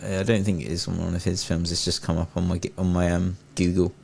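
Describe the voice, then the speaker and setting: A man's voice: sits low, flat delivery, fast, vocal fry, a little mellow, husky. A man from England co-hosting a podcast, chatting casually with short, blunt remarks. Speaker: podcast co-host. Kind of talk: casual chat.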